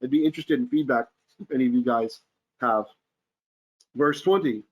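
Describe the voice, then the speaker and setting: A man's voice: medium pitch, normal speed, husky, phone-quality sound. A man teaching a verse-by-verse Torah class, reading Hebrew aloud and then explaining it eagerly, often checking in with his listeners.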